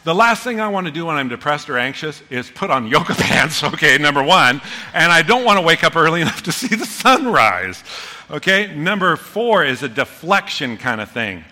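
A man preaching a sermon as a pastor, animated and excitable, rushing ahead in bursts and then reining himself in. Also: fairly high pitch, big-room sound.

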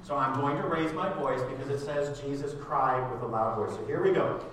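A male pastor preaching a sermon with fervor, often raising his voice at the high points. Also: normal speed, fairly bright tone, a little hiss or hum. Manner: fervent, rising to raised voice at climaxes. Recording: echoey room heard from a distance.

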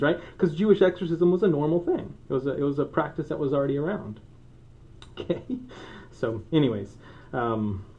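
A man, a pastor with children, preaching a sermon in a relaxed, joking way and laughing often. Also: fairly high pitch, brisk, vocal fry, lo-fi sound. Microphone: microphone.

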